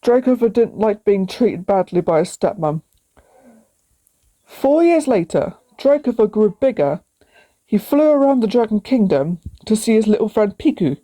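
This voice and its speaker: A woman's voice: medium pitch, very animated, normal speed, warm tone. A woman reading her own children's story aloud, plainly, with small slips. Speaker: storybook reader.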